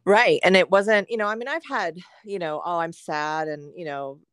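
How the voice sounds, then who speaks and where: A middle-aged woman chats candidly as a podcast guest, full of fillers and acting out her own thoughts. Her medium-pitched, slightly bright voice has lively intonation and a moderate pace, captured at studio quality with no room sound.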